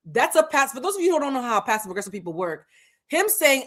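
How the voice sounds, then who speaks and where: A woman hosts a live gossip-and-commentary show, her voice swinging widely up and down as she talks. She is blunt, outspoken and often profane, and she acts out the lines she quotes. Her voice sits a little high. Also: animated, moderate pace, fairly bright tone. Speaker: host. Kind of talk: live pop-culture commentary.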